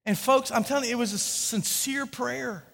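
A man with a high voice preaches a sermon in a reverberant church hall. He tells a story with animated delivery and stammered restarts. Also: moderate pace, gravelly. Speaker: pastor.

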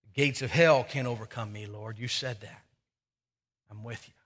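Preacher playing a boastful loyal disciple. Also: male voice, medium pitch, steady tone, moderate pace, a bit bright, big-room sound, voice pushed down, close to an everyday voice. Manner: boastful, defiant. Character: bold boastful male disciple, loyal and proud. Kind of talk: sermon.

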